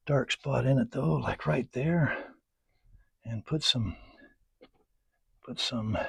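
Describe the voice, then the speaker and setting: A man teaching oil painting, rambling through folksy anecdotes and muttering softly to himself while he paints. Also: medium pitch, creaky, slightly rough, no echo. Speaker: painting instructor. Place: painting studio.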